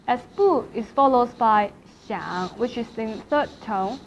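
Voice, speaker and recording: Woman, language teacher, slow and deliberate, repeats each word, somewhat high voice, slightly muffled recording. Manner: repeats each word slowly and carefully, modeling tones. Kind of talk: slow classroom lecture. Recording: slightly dull lecture recording with faint hiss.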